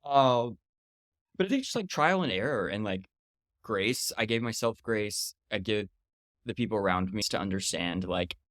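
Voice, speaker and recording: A man's voice: lowish voice, lively intonation, normal speed, a bit bright, no room sound, studio quality. A man in his thirties, a podcast guest talking casually and chattily, full of fillers and quoted retorts. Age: 30s.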